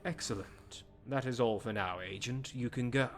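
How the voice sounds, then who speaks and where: A man's voice: mid-range voice, moderate pace, faint music behind, lightly acted. An actor playing a formal male spymaster who speaks in clipped, formal sentences to his agent. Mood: curt.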